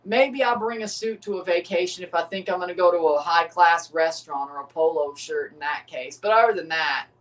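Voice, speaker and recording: A man's voice: a little high, a little fast, few pauses, fairly bright tone, recorded from a distance. A man hosting a casual live watchalong, chatting with viewers and often repeating phrases. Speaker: livestream host reacting to a match.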